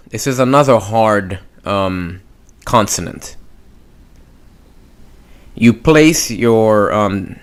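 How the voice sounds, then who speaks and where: A male teacher with a somewhat low voice takes a beginners' class through pronunciation. He talks very slowly and leaves long gaps. He repeats each sound patiently so learners can follow. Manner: patient, drawn-out pronunciation demos. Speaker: language teacher. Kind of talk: slow spoken lesson.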